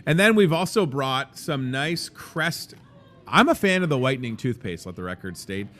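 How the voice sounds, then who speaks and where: A man's voice: mid-range voice, very animated, moderate pace, a bit bright. A man hosting a casual live show from inside a grocery store, joking and rambling in an upbeat way. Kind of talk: casual live promo chat.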